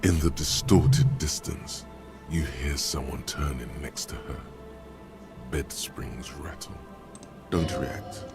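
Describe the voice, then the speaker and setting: An actor voicing a grave male inner narrator in a game, speaking in slow, ominous second person. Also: extremely low pitch, full character voice. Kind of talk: game voice acting. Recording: narration over clear game music.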